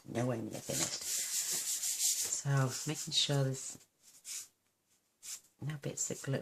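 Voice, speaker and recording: A woman from the United Kingdom demonstrating card making, soft-spoken and mumbling to herself, gushing over her work. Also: extremely low pitch, lively intonation, measured pace, creaky, long pauses, a little hiss or hum. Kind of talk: crafting tutorial.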